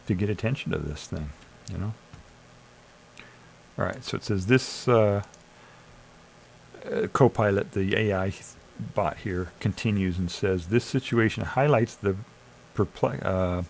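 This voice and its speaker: Gravelly-voiced man ranting on stream. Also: fairly low pitch, a little mellow, a little hiss or hum, low-quality recording. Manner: sarcastic, argumentative, urging listeners to think. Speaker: live streamer. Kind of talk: casual commentary reading AI chat aloud.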